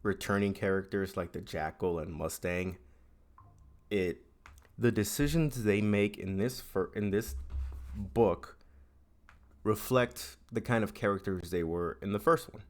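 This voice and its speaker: Deep-voiced man rambling about a book. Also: unhurried. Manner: rambling, many restarts and fillers. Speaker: book reviewer. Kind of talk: casual book review vlog.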